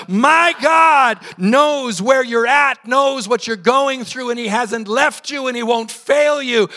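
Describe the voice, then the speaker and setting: A man's voice: extremely high pitch, sharp tone. A man preaching a sermon at a church service, quoting scripture with passion and leading the congregation in call and response. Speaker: pastor.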